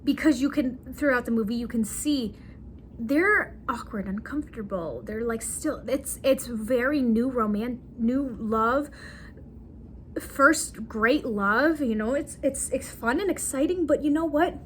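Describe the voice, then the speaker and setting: A young woman vlogging about a movie in casual chat, giggly and animated, acting out the characters' lines. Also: a little high, unhurried, a little hiss or hum.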